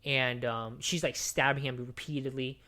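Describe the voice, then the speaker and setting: A man co-hosting a podcast, retelling a movie plot in casual chat with lots of fillers and swearing, dropping to a hushed recap and then bursting out loudly. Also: medium pitch, moderate pace. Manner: excitable, profane storyteller with many fillers; jumps between hushed recap and loud outbursts. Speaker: podcast co-host.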